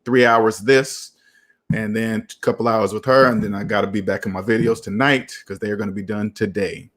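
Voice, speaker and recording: A young man hosting a casual live chat about personal finance, talking in an animated, preachy and repetitive way. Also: fairly low pitch, a little fast. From United States. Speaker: finance channel host.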